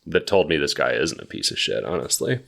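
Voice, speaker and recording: A man with a very low, gravelly voice, co-hosting a podcast. He gives blunt, opinionated takes in casual chat, his words often sinking into vocal fry. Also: sing-song, fairly quick, fairly bright tone. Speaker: podcast co-host.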